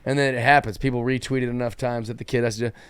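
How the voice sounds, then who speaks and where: A man's voice: mid-range voice, rapid-fire, smooth, dry recording. A man hosting a comedy podcast, chatting casually and acting out other people's lines as he tells stories. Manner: animated storyteller acting out quotes. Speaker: podcast host.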